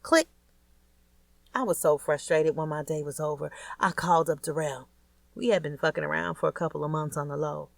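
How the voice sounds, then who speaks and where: Woman, lowish voice, candid streetwise audiobook narrator, dry booth sound. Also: little pitch movement, brisk, gravelly, no room sound. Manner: blunt, crude, streetwise storytelling. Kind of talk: first-person audiobook narration.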